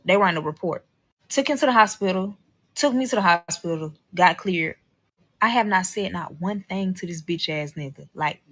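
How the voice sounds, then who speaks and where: A woman's voice: medium pitch, a bit bright, slightly rough. A young woman telling a personal story from a social media clip, blunt and swearing freely. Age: young adult. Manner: blunt and heavy on cursing. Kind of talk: casual storytelling.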